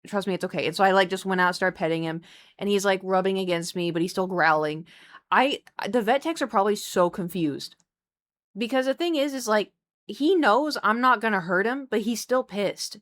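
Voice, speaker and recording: A young woman streaming from home at her desk mic, telling a long story in a chatty, animated way and breaking off to talk to her cat. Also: medium pitch, normal speed. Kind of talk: casual storytelling to live chat. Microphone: desk microphone.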